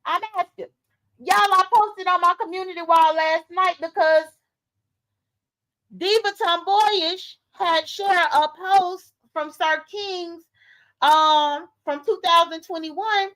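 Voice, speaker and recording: A woman hosting a casual livestream, commenting on drama and reading viewer comments aloud, animated and talking straight to her audience. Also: very high voice, slow, rough recording. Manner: animated, talks straight to viewers, rhetorical questions. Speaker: YouTube commentary host.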